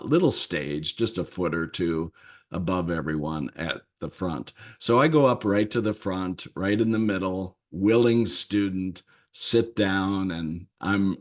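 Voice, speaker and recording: A man with a fairly low voice hosts a short leadership podcast and tells a story from his work. He speaks very slowly and lets his pauses sit. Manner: unhurried, thoughtful, lingers on pauses. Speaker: leadership coach and podcast host.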